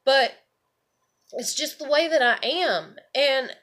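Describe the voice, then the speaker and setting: Woman vlogger, somewhat high and bright-voiced, casual rambling delivery, salty language. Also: lively intonation, takes it slowly. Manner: rambling, swears freely, leans on "you know" and "like".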